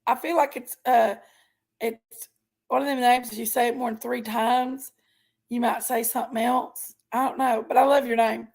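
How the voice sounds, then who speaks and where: A woman's voice: fairly high pitch, fairly even intonation, moderate pace, vocal fry. A woman hosting a casual livestream, chatting in a folksy way and greeting viewers by name. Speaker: livestream host.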